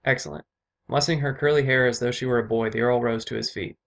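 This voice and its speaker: Guy reading his own book, steady pace, fixes slips now and then. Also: mid-range voice, quick pace, vocal fry. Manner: steady reading with occasional self-corrections.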